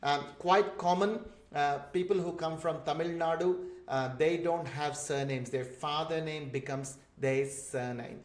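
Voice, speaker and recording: A man's voice: a little high, measured pace, few pauses. Indian man in an echoey room. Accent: Indian English. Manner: patient, explanatory, spells out examples. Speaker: instructor for migrant job seekers. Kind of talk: online course lesson.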